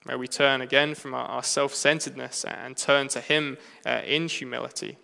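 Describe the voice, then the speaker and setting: An English man delivers a sermon in a halting cadence, breaking his phrases with frequent "uh" fillers. His voice is bright and gravelly, with little rise and fall. A long reverb trails behind him, as in a large hall. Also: mid-range voice, flat delivery. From England. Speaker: preacher.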